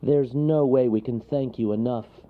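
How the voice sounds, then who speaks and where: A man's voice: mid-range voice, a little slow, pitched above the performer's own voice, lightly acted. A man voicing a polite, grateful father squirrel in a storybook. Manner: polite, earnest. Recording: lo-fi recording.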